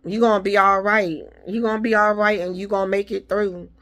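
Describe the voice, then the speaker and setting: A woman's voice: mid-range voice, steady tone, a little fast, fairly bright tone. A woman talking casually to her viewers, giving faith-filled encouragement and repeating her reassurances. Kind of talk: casual motivational talk.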